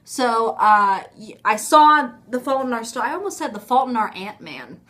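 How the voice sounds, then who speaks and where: A woman's voice: on the high side, sing-song, normal speed, fairly bright tone. A young woman telling a rambling, chatty story to her phone camera at home, often stopping herself mid-sentence and laughing. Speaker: vlogger.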